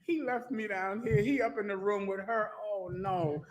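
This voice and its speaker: A man's voice: high-pitched, normal speed, lightly acted. A man voicing a crying wife who complains that her husband left her downstairs. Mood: tearful. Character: upset crying woman, jilted wife.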